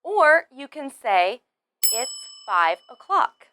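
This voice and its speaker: A woman teaching English pronunciation, drilling words one by one and stressing each clearly. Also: sits high, very animated, takes it slowly, pushed and bright, a little hiss or hum. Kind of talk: slow, deliberate pronunciation lesson.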